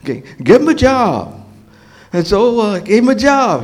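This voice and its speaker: A male pastor preaching a sermon, emphatic and animated, asking the congregation questions. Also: sits high, measured pace.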